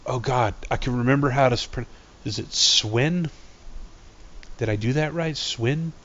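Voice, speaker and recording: A man's voice: medium pitch, unhurried, fairly bright tone, muffled recording. A man chatting casually and goofily on a live game stream. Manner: goofy, rambling, playful voices.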